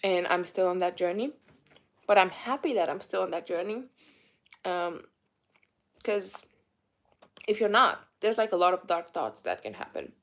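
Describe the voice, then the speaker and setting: A woman's voice: lowish voice, lively intonation, measured pace, long pauses, a bit bright. A young woman from Romania with a mixed Romanian accent, chatting candidly to viewers in a rambling way with many fillers. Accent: Romanian, mixed with British and Irish. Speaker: vlogger. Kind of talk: casual eat-with-me chat answering viewers.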